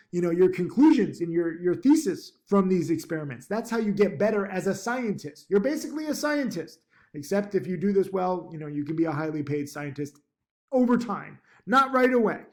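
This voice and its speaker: A stock trading instructor vlogs casually to his laptop camera, full of ums and restarts and upbeat, pushy encouragement. His voice is high and animated at a moderate pace. The mic is the laptop's own.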